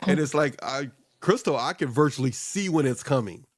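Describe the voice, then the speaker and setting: A middle-aged man hosting a casual talk show, rambling and animated, laughing often and acting out quotes in other voices. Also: mid-range voice, normal speed, dry recording. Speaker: show host.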